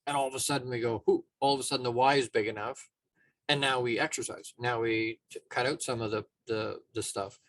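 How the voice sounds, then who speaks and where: A man's voice: mid-range voice, fairly even intonation, fairly quick, fairly bright tone, no room sound. A man giving a motivational talk as a life coach, casual and emphatic, often restarting his sentences.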